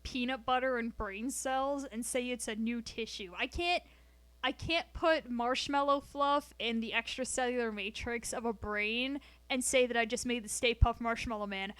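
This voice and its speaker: A woman with a somewhat high voice chats on a live stream from her floor at home. She talks loosely and profanely, drifting off topic and cracking jokes between bits of science. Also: moderate pace, a bit bright, clean tone. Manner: profane, rambling, jokey. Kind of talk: casual live-stream chat.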